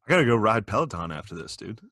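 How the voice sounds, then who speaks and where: A man's voice: on the low side, big pitch swings, fast talker, a bit bright, dry recording. A young man co-hosting a podcast, telling crude, profane stories and laughing often in casual banter. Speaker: podcast co-host.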